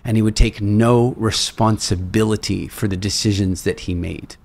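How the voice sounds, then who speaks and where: A man who is a speaker and seminar leader, telling stories as a podcast guest and acting out quotes with lively energy. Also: fairly low pitch, moderate pace, vocal fry. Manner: animated storyteller, acts out quotes, repeats words. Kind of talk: storytelling in a podcast interview.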